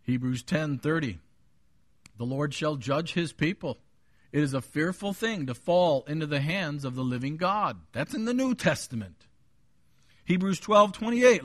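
A man preaching a sermon, booming when he quotes scripture, dropping low on his asides, and joking with the congregation. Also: sing-song, moderate pace, no room sound, clean studio sound. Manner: jokes with the congregation. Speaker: pastor.

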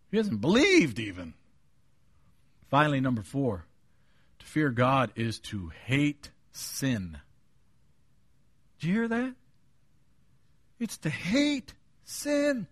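A man preaching a sermon, booming when he quotes scripture, dropping low on his asides, and joking with the congregation. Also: dry recording. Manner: jokes with the congregation. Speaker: pastor.

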